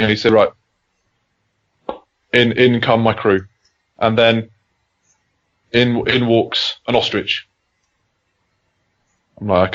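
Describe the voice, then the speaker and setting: A man's voice: medium pitch, normal speed, pauses often, a bit bright, lo-fi sound. A man co-hosting a casual podcast, telling a long joke with many restarts and self-deprecating asides. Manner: self-deprecating, backtracking storyteller. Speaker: podcast co-host.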